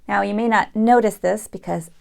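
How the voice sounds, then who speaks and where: A woman's voice: mid-range voice, normal speed, creaky, a little mellow. Woman teaching sounds. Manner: demonstrates sounds, switching in and out of an Irish accent. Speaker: accent coach. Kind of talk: dialect tutorial.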